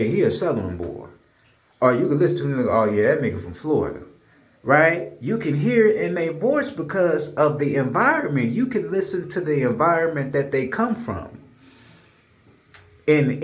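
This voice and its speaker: A man talking straight to the listener in a loose, emphatic monologue, often tagging his points with "right?" and stumbling through filler words. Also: fairly high pitch. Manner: emphatic, keeps asking "right?"; loose and profane, with many repeated filler words. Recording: echoey room.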